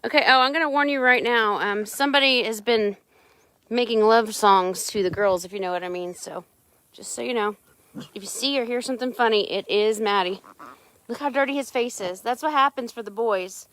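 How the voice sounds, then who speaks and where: A woman's voice: on the high side, moderate pace, a bit bright, no echo. Chatty woman streaming from her ranch. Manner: chatty, talks sweetly to animals. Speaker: ranch owner streaming live. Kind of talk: casual live-stream chat. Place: outdoors on a ranch yard.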